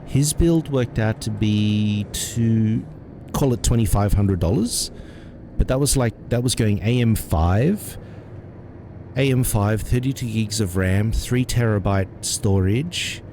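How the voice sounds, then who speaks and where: A man's voice: on the low side, slow, warm tone, a little hiss or hum. A young man chatting casually on a live gaming stream, laughing often as he plays. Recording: game music playing behind.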